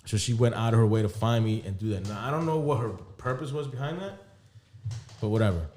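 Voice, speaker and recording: On a podcast, a young man with a low, mellow voice tells his co-host about a personal drama, talking fairly quickly and casually. He's an animated storyteller who acts out both sides of conversations, swearing freely and laughing often.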